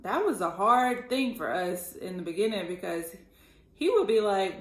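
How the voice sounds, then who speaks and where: A woman's voice: medium pitch, expressive, moderate pace. A woman co-hosting a relationship podcast, talking earnestly and laughing easily as she speaks straight to listeners. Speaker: podcast co-host. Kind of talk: casual chat about relationships. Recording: echoey room.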